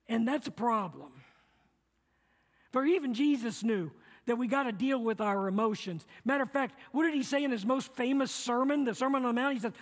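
High-voiced man preaching in an echoing church. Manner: earnest, repeats phrases, leads the congregation in call-and-response. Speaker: pastor. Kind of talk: sermon. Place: church sanctuary. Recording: long reverb of a church hall.

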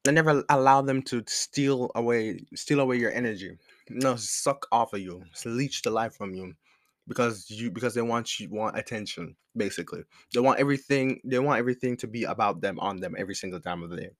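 A young podcast host tells a personal story a little fast in a medium-pitched voice. He's candid and rambling, using slang and frequently starting over. The clean studio sound has no echo, but a chair squeaks in the room.

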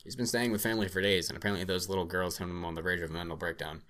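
A man's voice: low voice, steady tone, racing. A man doing a brash swearing field agent. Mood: wry. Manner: loud, swearing, wisecracking.

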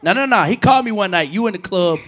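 A man in casual podcast chat, an excitable, loud storyteller. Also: high-pitched, quick pace. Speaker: radio host.

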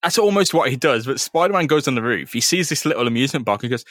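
A man co-hosting a podcast, casually retelling a comic book in an animated, crude, laughing way. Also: a little high, racing, few pauses, no room sound, studio quality. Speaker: podcast co-host.

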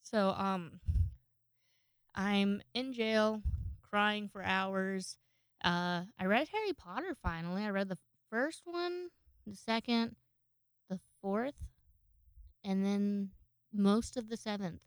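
A young woman talks loosely into a close home mic, hosting her own podcast and rambling from one thought to the next. Her voice is smooth and clear, and the sound is dry, with no room around it. She swears freely and laughs at herself. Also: medium pitch, slow pace, long pauses, dry recording. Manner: rambling, profane and self-deprecating, with frequent laughs and restarts. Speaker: podcast host. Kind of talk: casual solo podcast monologue.

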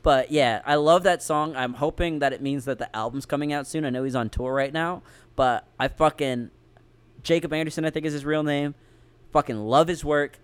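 Male podcast co-host, casual and profane, slightly high, clean smooth voice. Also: normal speed. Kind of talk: casual chat.

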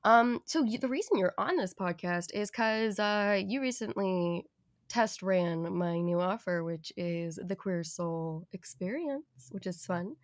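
A young woman hosting a casual podcast, bubbly and chatty and quick to laugh. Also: mid-range voice, animated. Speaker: podcast host and photographer.

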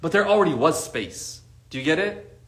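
Animated man preaching in an echoey room. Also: a little high, normal speed. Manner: animated, conversational, acts out quoted friends. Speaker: religious teacher. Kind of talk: lively sermon to a live group.

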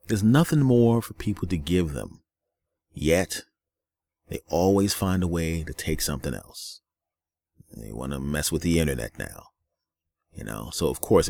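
Deep-voiced weary man ranting. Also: gravelly, a little mellow, dry recording, clean studio sound. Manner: angry, profane and repetitive. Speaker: podcast host. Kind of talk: solo podcast rant.

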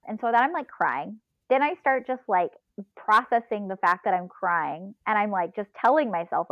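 A woman telling a long personal story in a casual, animated way, laughing and acting out her own inner voice. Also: medium pitch, moderate pace, no room sound, phone-quality sound. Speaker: podcast guest, ultrarunner.

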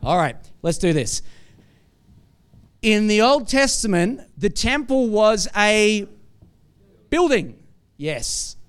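A man's voice: high voice, slow, long pauses, clean tone. A man preaching a sermon in a conversational way, often checking in with the congregation with "right?" and acting out little scenes. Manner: animated storytelling with acted-out asides.

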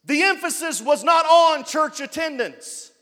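Man, pastor, very high voice, shouting sermon, long echo. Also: lively intonation, measured pace. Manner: preaching with rising shouts. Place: church.

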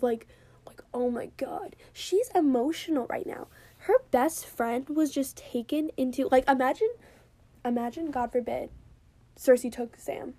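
A woman's voice: sits high, dark tone, no room sound. A young woman giving a heated, profane, casual review of a TV episode, full of fillers and quoted asides. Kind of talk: casual opinionated review monologue.

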